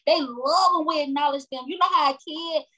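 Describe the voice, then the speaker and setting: A woman in a casual chat who talks in a relaxed way and often checks in with her listener. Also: high-pitched, fairly quick, rough recording. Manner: relaxed, fillers like "you get what I'm saying".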